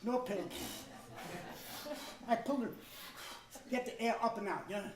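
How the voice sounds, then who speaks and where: An older man doing stand-up, growing exasperated and shouting his punchlines. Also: high-pitched, measured pace, background noise. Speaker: stand-up comedian. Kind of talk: stand-up routine. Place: club stage before a live audience. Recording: echoey room, far from the mic.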